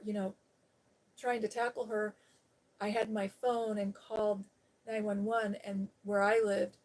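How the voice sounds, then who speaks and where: Hosting a live stream, a woman with a mid-range, slightly mellow, husky voice tells a personal story in a loose, candid casual chat. She rambles, drops "you know" and "okay?" into her sentences, and laughs now and then while talking.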